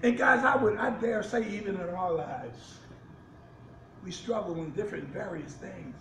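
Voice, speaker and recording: A man's voice: high-pitched, normal speed, creaky, reverberant, distant mic, background noise. A man, a pastor, preaching a sermon with rising fervor and repeated restarts.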